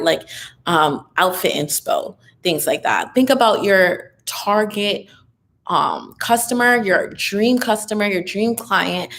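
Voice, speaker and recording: A young woman casually chatting on a livestream Q&A, upbeat and advice-giving, a bit tired and loopy, with plenty of fillers. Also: on the low side. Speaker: online business content creator hosting a live Q&A.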